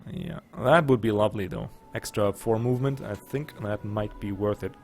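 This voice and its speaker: A man's voice: on the low side, moderate pace. Man with a German accent, gaming. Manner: thinking aloud, muttering asides to himself. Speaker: let's play gamer. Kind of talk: casual strategy game commentary.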